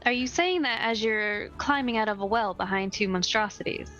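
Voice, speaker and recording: A woman's voice: mid-range voice, moderate pace, a bit bright, soft background music. Teasing woman at a game table, dull sound. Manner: teasing, playful. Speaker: player. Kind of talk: tabletop role-play.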